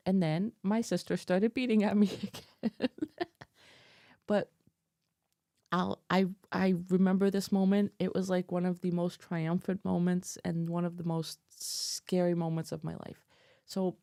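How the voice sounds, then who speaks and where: Speaking close to a desk mic, a woman vlogger recounts a personal story to her viewers, chatty, full of fillers and laughing along the way. Her voice is fairly low and mellow with vocal fry, and there is no echo.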